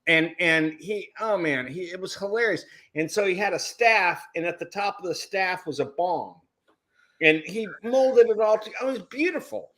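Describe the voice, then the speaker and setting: Man, slightly high voice, casual chat, animated storyteller, stops and restarts a lot. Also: normal speed. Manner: animated, acts out quoted people; self-interrupting, repeats words. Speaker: guest on a video chat show.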